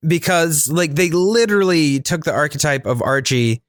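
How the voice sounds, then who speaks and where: A man's voice: fairly high pitch, normal speed, no room sound, studio quality. A man co-hosting a podcast, chatting casually and laughing in exasperation about a cartoon. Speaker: podcast co-host. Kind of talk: casual chat.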